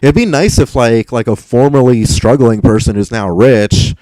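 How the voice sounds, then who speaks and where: A frustrated young man rambles through a live stream, answering his chat and tripping over repeated words. His voice is dark and smooth, recorded dry and close. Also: medium pitch, moderate pace, no room sound, poor audio.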